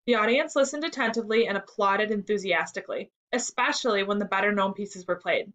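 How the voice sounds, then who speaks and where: A woman teacher reading a story aloud for an elementary school lesson, steady and clear. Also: mid-range voice, fairly quick.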